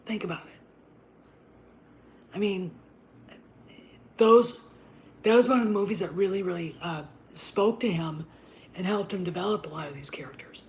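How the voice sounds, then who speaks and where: A woman host ranting in casual commentary, profane and emphatic, often dropping into a harsh whisper before surging back loud. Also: lowish voice, moderate pace, long pauses, a little hiss or hum. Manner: profane, emphatic, repeats itself; drops to an unvoiced whisper and back.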